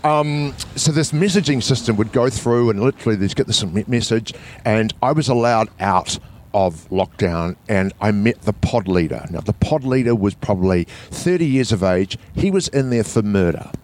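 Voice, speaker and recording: A man's voice: lowish voice, expressive, moderate pace, a little mellow, slight background noise. A man from New Zealand with a New Zealand accent, a guest telling a story casually, acting out the voices of the people he quotes, with frequent restarts.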